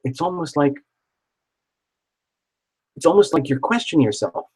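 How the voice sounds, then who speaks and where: A man's voice: fairly high pitch, sing-song, normal speed, a little mellow, breathy edge, low-quality recording. A man doing a live tarot reading, chatty and encouraging, who repeats words for emphasis. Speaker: tarot reader.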